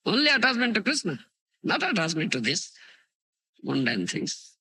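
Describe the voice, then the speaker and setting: A man's voice: sits high, moderate pace, a little hiss or hum. A man with an Indian English accent lecturing on scripture in a 1992 recording, telling stories with lots of animation and checking often with his listeners by asking whether they understand. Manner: animated storytelling, frequent "you understand?" and "huh?" checks. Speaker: spiritual teacher. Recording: dry close 1990s tape.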